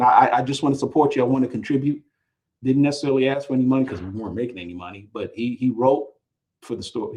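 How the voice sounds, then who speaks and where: A man hosting a live podcast, telling a long story with energy, often repeating words and rising in pitch when excited. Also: muffled recording. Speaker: podcast host.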